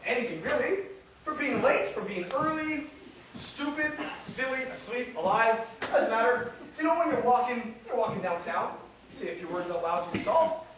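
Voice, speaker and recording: Male actor as a high, lively, rambling New York drifter; stage monologue caught from far off in an echoey, noisy room. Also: moderate pace. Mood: playful. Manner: rambling, animated, mimics passers-by. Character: restless witty out-of-work New York man.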